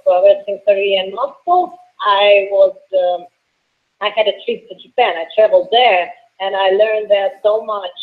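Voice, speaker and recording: A woman in her late twenties from Russia with a Russian accent, a professional wrestler answering interview questions earnestly with many hesitations. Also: mid-range voice. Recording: tinny phone line.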